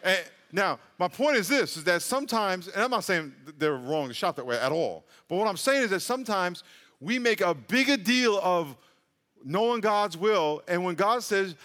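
A male pastor preaching in a large church hall with long reverb. His voice sits high and bright, and he talks in an easy, joking way that climbs to emphatic peaks. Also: sing-song, normal speed. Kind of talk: sermon.

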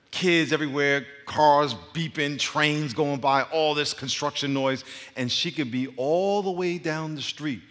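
Animated middle-aged male preacher. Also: mid-range voice. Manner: animated, swinging between loud bursts and quiet asides, laughing often. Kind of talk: sermon with anecdotes. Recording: long reverb of a large hall.

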